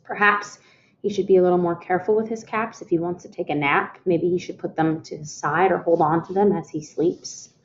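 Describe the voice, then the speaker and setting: A woman reading a picture book aloud to children, expressive, calling her listeners "friends" and asking them questions. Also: fairly low pitch, fairly quick, highs cut off, slight background noise. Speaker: storytime reader.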